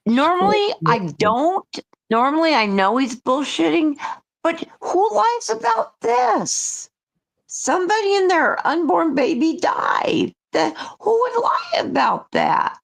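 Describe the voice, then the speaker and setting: A woman co-hosts a casual livestream chat, earnest and indignant in tone. She speaks slowly, with a gravelly, creaky texture and a lively, wide-ranging pitch. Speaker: co-host.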